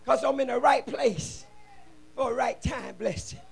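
Man, preacher, very high voice, raspy and husky, gravelly, shouted sermon, call-and-response, church. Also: unhurried. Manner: fervent, chanting and exhorting the congregation. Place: church sanctuary.

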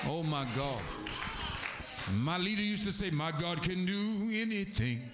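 A man's voice: sits high, expressive, normal speed, pauses often, roomy sound, heavy background noise. A man preaching a sermon, calling to the congregation for responses and breaking into song.

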